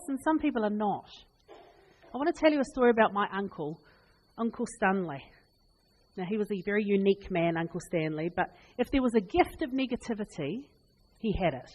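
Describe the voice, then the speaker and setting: A woman preaching a sermon, telling funny family stories with laughs and lively asides. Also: on the high side. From New Zealand. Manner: animated, laughing, chatty anecdotes. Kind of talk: humorous storytelling sermon. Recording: long reverb in a hall.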